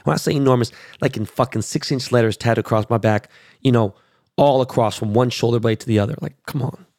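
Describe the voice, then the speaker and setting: A man in his forties from Los Angeles, ranting about sports in a blunt, profane, excitable way as a show host. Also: medium pitch, fast, no room sound, studio quality. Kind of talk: casual sports rant.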